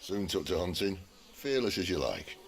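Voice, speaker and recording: An actor playing a gruff, wry middle-aged outlaw leader in a video game, bantering dryly. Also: male voice, deep voice, very animated, normal speed, exaggerated voice. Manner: dry teasing banter. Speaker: game character.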